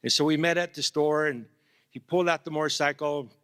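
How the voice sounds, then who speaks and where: A man's voice: a little high, steady tone, fairly quick, fairly bright tone, clean tone. A man speaking at a memorial, telling a plain anecdote about a friend. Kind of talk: anecdotal storytelling. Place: large indoor hall. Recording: long reverb of a large hall.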